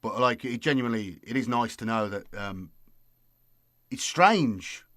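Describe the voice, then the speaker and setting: A man hosts his YouTube channel in a casual late-night chat, rambling with plenty of fillers. His mid-range voice is expressive, unhurried and a bit bright, recorded dry with clean studio sound.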